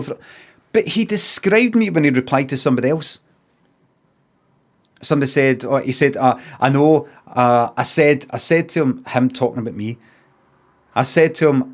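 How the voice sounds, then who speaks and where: A Scottish man streaming, telling a story in a casual, sweary rant and acting out both sides of an argument in quick asides. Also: mid-range voice.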